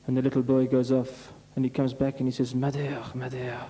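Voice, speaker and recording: A man's voice: mid-range voice, monotone, fast talker, mellow, slight background noise, low-quality recording. A man on stage at an amateur revue, telling long jokes to a live audience in a rambling, chatty way. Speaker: revue comedian.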